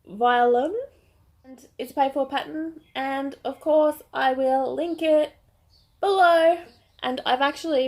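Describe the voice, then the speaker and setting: A woman's voice: high-pitched, a little mellow. Chatty Australian woman, a bit under the weather. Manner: chatty and gushing, with restarts. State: a bit sick, voice not projecting. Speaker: crochet vlogger. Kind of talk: casual vlog chat.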